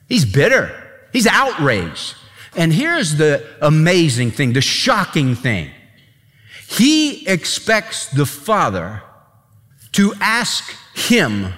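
A man's voice: a little high, wildly swooping pitch, takes it slowly, fairly bright tone, long reverb tail. A man preaching a sermon as a pastor, emphatic and conversational, speaking straight to the congregation.

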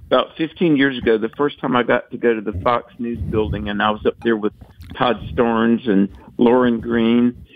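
A man's voice: mid-range voice, fairly even intonation, normal speed, phone-quality sound. A man with a Southern American accent, a radio guest who tells stories in a chatty way and laughs often. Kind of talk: radio phone-in chat.

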